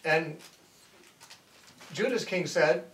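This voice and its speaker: A man's voice: a little high, drawn-out words, a bit bright. A man teaching a Bible lecture, retelling a scripture story in a conversational way and correcting himself as he goes. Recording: echoey room, voice from far off, faint noise.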